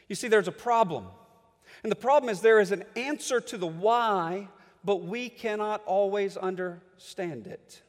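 A middle-aged pastor with a high, light voice delivers a sermon, swinging from booming declarations to near-whispered pleas. His words ring through a large church hall with a long, lingering reverb. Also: unhurried. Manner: dramatic, swings between booming and hushed.

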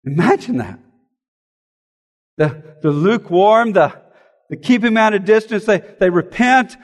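A man's voice: sits high, lively intonation, moderate pace, pauses often, in a large hall. A man, a pastor, preaching a sermon in an earnest, emphatic way, often asking rhetorical questions.

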